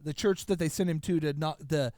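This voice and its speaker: A man's voice: on the high side, fairly quick, warm tone, no echo, clean studio sound. A man co-hosting a podcast in casual chat, telling stories in a rambling, stop-start way. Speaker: podcast co-host.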